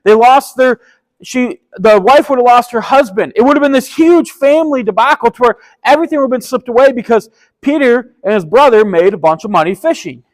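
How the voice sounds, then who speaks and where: Man, high voice, casual preacher, enthusiastic storyteller, slangy and chatty. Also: fairly quick, rough recording. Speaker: pastor. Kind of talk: casual sermon retelling a story.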